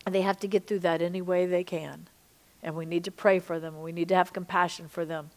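A middle-aged woman teaching a sermon-style podcast, impassioned, dropping to hushed whispers and rising to loud emphasis. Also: on the low side, flat delivery, a little fast. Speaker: Christian teacher and minister.

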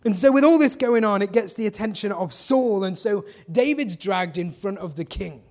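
High-voiced preacher. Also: male voice, normal speed. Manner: energetic, rhetorical questions, storytelling. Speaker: pastor. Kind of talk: sermon.

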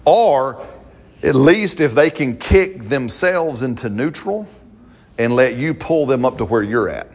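A man's voice: medium pitch, lively intonation, unhurried, slightly rough. A man preaching a sermon in a conversational, playful way, acting out quotes and laughing along with the congregation.

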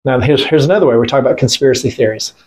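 A man's voice: medium pitch, racing, a little mellow. A middle-aged man being interviewed, telling a war story in a blunt, rambling way, full of profanity and restarts. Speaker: veteran guest.

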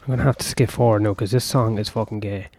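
A man's voice: lowish voice, steady tone, quick pace, darkish tone, husky, faint music behind. A man improvising a spoken story, rambling with profane asides and breaking off to comment on his own tale.

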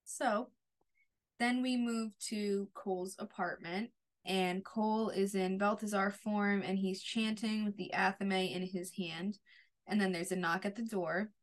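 A woman co-hosting a podcast, chatting casually about a TV episode in a relaxed, agreeable way with lots of fillers. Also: medium pitch, unhurried. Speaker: podcast co-host. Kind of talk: casual TV recap chat.

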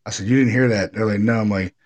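A man's voice: fairly low pitch, quick pace. A middle-aged man, a paranormal investigator, telling a ghost story in a casual, rambling way, swearing freely and acting out what people said. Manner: rambling, profane, animated retelling with acted quotes.

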